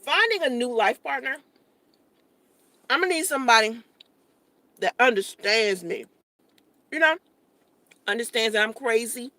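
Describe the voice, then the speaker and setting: A woman's voice: on the high side, expressive, measured pace, long pauses, bright, forceful tone, no room sound. A young woman vlogging casually from her parked car while eating, chatty and joking, talking with her mouth full.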